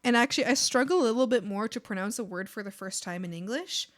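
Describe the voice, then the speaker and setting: A woman's voice: a little high, fast. A young woman with an American accent, a native Spanish speaker, chatting casually as a streamer while drawing. She rambles along with lots of fillers and restarts.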